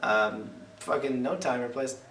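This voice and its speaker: A man co-hosting a casual movie review podcast, joking and acting out scenes in quick put-on voices. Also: mid-range voice, fairly bright tone. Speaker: podcast co-host. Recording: roomy, distant mic with faint noise.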